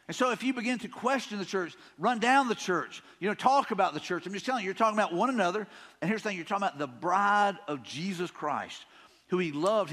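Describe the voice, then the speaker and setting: A pastor with a Southern drawl preaches casually and folksily, often circling back over the same words and paraphrasing scripture offhandedly. His voice is high for a man and a bit bright. The sermon rings out in a church sanctuary with long, echoing reverb.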